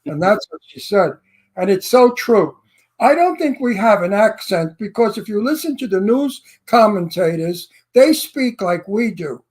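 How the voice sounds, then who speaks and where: A man's voice: high-pitched, animated, unhurried, a little mellow. A blunt, brash male talk show host with a Brooklyn accent, chatting casually in a studio. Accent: Brooklyn New York. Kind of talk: casual chat.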